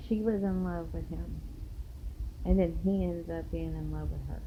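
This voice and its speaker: A woman's voice: fairly low pitch, fairly even intonation, normal speed. Woman, 30s, casual storytelling, blunt, swears a lot, emphatic, dull lo-fi sound, faint hiss.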